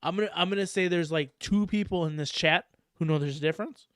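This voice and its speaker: A male podcast host with a smooth, slightly high voice, talking fast and loose with plenty of swearing and laughter. The close, dry recording leaves almost no room sound. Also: dry recording. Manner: animated, profane, laughs often. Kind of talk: casual podcast chat.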